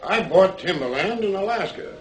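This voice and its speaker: An actor playing a confident, brusque rich adventurer who speaks in clipped, commanding phrases. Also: male voice, sits high, expressive, moderate pace, faint music behind. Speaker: wealthy adventurer brother. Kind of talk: film drama acting. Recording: roomy echoing sound.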